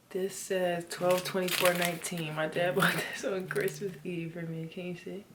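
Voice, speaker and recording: A young woman in her twenties chats expressively to her viewers from her bedroom, her voice pitched a little low. She sometimes slips into a hush. A clear hiss of background noise runs under the home recording. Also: normal speed, hardly any pauses. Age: 20s. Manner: expressive, talks to viewers as y'all, drops into whispers. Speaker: lifestyle vlogger. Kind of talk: casual chatty vlog talk to the camera.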